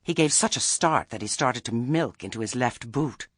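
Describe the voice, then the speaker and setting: A man's voice: medium pitch, animated, moderate pace, fairly bright tone, no echo. A man reading a comic story aloud with a dry, wry delivery. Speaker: audiobook narrator. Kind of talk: storybook narration.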